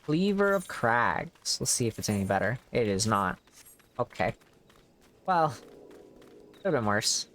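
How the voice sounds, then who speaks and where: A man's voice: fairly low pitch, sing-song, normal speed, fairly bright tone. A man casually commenting while he streams a game, offhand and swearing now and then.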